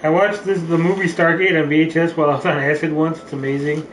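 A man's voice: on the high side, little pitch movement, fast talker, far from the mic, a little hiss or hum. A man hosting a casual gameplay session, joking, rambling and reading the game's text aloud. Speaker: let's play host. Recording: roomy sound from off-mic, game music. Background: game music.

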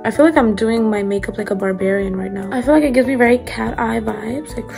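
Over soft background music, a young beauty vlogger does a casual get-ready-with-me in a fairly high, slightly mellow voice with vocal fry. She's quick, chatty and upbeat, heavy on fillers, and a bit hoarse from losing her voice.

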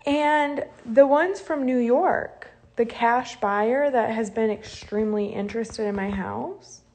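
A woman's voice: on the high side, slow, a little mellow. A woman ranting on a live stream, angry and swearing a lot while crying. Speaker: livestreamer.

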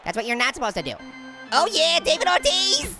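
A man's voice: huge pitch swings, brisk, full character voice. A man voicing a hyper, giggly male talking orange who cracks puns and taunts while commenting on gameplay. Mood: giddy. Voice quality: gravelly, high cartoon voice. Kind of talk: comedic let's-play commentary. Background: game music.

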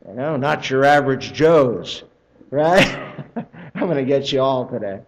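A male pastor preaching a sermon in a church, conversational and animated, acting out other people's excited voices. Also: medium pitch, unhurried, a little hiss or hum, poor audio. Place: church sanctuary.

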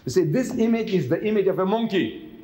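A man's voice: sits high, animated, a little fast, warm tone, echoey room. A man giving a public religious lecture, firing rhetorical questions at his audience.

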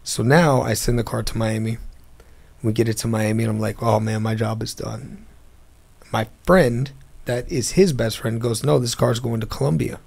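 A man's voice: medium pitch, fairly even intonation, moderate pace, vocal fry, darkish tone. A man, a guest in a casual interview, telling a long story and acting out the phone calls in it. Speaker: interview guest, car dealer.

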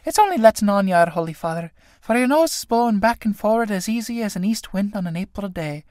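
A man's voice: a little high, animated, fairly quick, smooth, no room sound, clean studio sound, close to an everyday voice. A man voicing an old tinker woman in a play reading, talking in a soothing, crooning way. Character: old woman tinker, fond of drink, coaxing.

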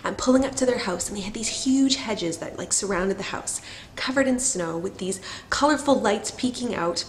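A young woman talks to her camera at home, warm and chatty, with plenty of fillers and small laughs. She sounds a little teary and emotional. A faint hiss sits under the recording. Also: mid-range voice, normal speed. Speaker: vlogger. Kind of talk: casual to-camera storytelling.

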